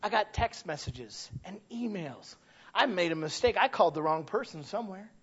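Man, high voice, preacher, sermon, impassioned, storytelling asides, dull lo-fi recording. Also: animated, moderate pace, breathy edge. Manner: impassioned, rising to shouted emphasis.

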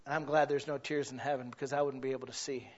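Pastor guy preaching, goes from soft almost whispering to loud and excited, kinda dull muffled sound. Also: mid-range voice, quick pace. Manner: swings from hushed and intimate to loud and exclaiming. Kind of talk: sermon.

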